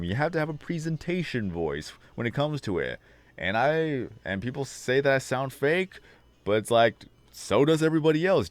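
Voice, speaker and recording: A man with a low baritone voice hosting a casual livestream chat, slightly hoarse and rambling on long tangents. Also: no echo. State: slightly hoarse, losing his voice. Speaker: livestream host. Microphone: desk microphone.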